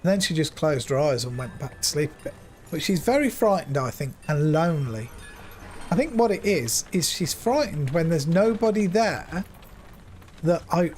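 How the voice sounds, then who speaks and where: A man's voice: a little high, darkish tone, slight background noise. Rambling man streaming from home. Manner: rambling, repeats himself, retells dialogue with "I says". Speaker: live streamer. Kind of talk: casual chat to stream viewers.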